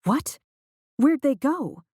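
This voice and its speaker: Guy reading as a freaked out lady physicist, higher than his own voice, urgent questions. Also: big pitch swings, takes it slowly, darkish tone, dry recording, clean studio sound, exaggerated voice. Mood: alarmed. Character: distressed woman physicist stranded in orbit.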